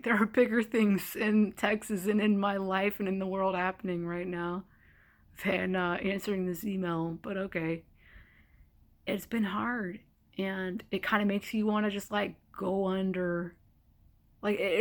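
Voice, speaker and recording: A young woman venting to her viewers in a loose, unscripted vlog. She sounds exasperated and candid, breaking into laughs and then dropping into heavy sighs as she talks. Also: mid-range voice. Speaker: vlogger. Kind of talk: casual vlog monologue. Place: temporary hotel stay during a winter storm.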